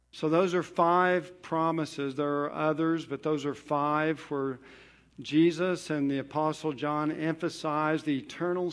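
A man preaching a sermon on scripture, emphatic, rising on key points and falling quiet at their close. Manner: emphatic, building to stressed promises then dropping low.

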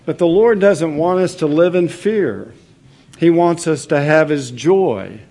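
A man preaching a sermon as pastor, measured and earnest, with the odd filler as he explains a passage. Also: fairly high pitch, a little mellow.

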